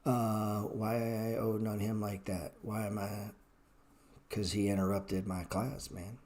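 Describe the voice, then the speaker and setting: A man's voice: fairly low pitch, flat delivery, slow pace, a little mellow, a little hiss or hum. A man hosting a live-streamed trading class, blunt and profane, ranting at his chat between chart walkthroughs. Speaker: trading educator.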